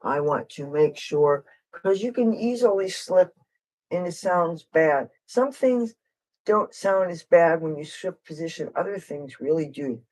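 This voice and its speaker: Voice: medium pitch, animated, measured pace, darkish tone, low-quality recording. An adult livestream host and street guitarist chatting casually in a rambling, digressive way, frank and a little wry, jumping from topic to topic.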